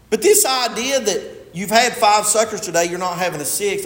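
Male pastor, high animated delivery, echoey church room, emphatic sermon. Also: moderate pace. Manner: emphatic, swings from loud stresses to quiet asides. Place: church sanctuary. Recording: echoey hall with long reverb.

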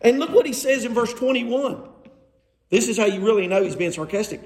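High-voiced preacher in an echoey room. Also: male voice, normal speed, a little mellow. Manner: rhetorical questions to the congregation; sarcastic paraphrase of scripture. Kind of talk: sermon teaching from scripture.

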